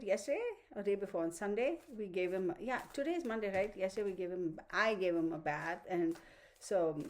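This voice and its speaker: A woman's voice: lowish voice, a little mellow. A woman hosting a tarot channel who chats casually with viewers, laughs often and baby-talks to her dog. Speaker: tarot reader, channel host.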